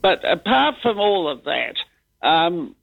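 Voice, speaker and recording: A man's voice: high-pitched, very animated, slow, vocal fry, dry recording. An older man with a New Zealand accent calling a talkback show, rambling and hesitant as he grumbles. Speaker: caller. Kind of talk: casual talkback chat. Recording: muffled phone-in line.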